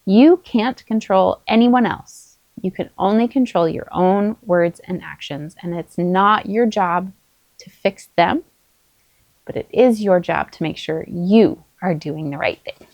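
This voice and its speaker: A middle-aged woman, a mother, talking to camera in a calm, earnest and encouraging way as she shares parenting advice. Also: medium pitch, a little slow, dry recording, dull audio. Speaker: parenting vlogger, mother of many. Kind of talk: casual spoken advice to camera.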